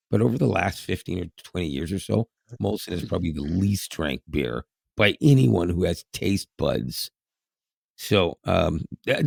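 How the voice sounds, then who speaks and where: A man's voice: deep voice, vocal fry, no room sound, studio quality. A man, co-hosting a podcast in casual chat, laughing often and repeating words. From Canada. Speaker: podcast co-host.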